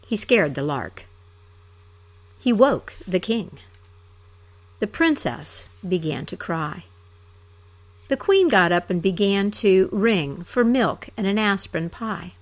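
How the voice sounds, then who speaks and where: A woman's voice: medium pitch, very animated, slow pace, long pauses. A woman reading a humorous narrative poem aloud, playful, with wry emphatic asides. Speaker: poetry reader.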